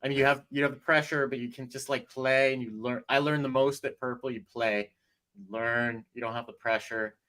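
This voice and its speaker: A man, an author and jiu-jitsu instructor, chatting casually as a podcast guest, animated and laughing a lot. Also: mid-range voice, brisk. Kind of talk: casual interview chat.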